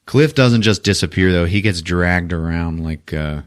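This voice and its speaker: A man hosting a podcast, retelling a movie plot in a loose, profane, animated way and laughing at his own jokes. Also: deep voice, normal speed, smooth. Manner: profane, animated retelling with sudden character voices. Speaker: podcast host. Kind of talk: casual movie recap.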